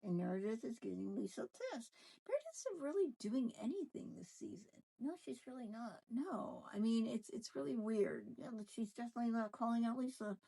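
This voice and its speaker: A woman's voice: a little high, expressive, fairly quick, vocal fry, dark tone, rough recording. A woman ventriloquist chatting casually in a gossipy back-and-forth banter, recapping a reality show.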